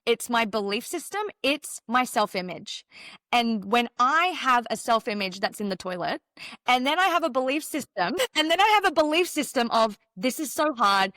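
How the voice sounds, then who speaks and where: A woman with a fairly high voice is a guest on a casual podcast interview. She tells her story with animated emphasis, slipping into her own past inner voice as she goes. The sound is dry and close, with no room echo. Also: moderate pace. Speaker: guest, mindset mentor and former dancer.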